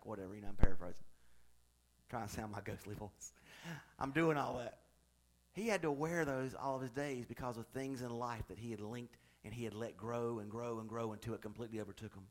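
A man's voice: medium pitch, a little fast, a bit bright. A male pastor delivering a sermon, moving from chatty, joking asides to fervent, emphatic preaching.

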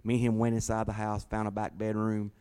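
A man preaching a sermon in a folksy storytelling way, slowing down to stress key words. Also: on the low side, completely flat delivery, mellow, clean tone. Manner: folksy, slows down for emphasis.

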